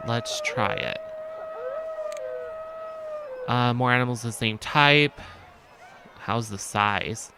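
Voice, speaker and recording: Man, let's-play host, slow thinking-aloud commentary with hesitant ums, bright tone. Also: medium pitch, slight background noise. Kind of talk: casual gameplay commentary.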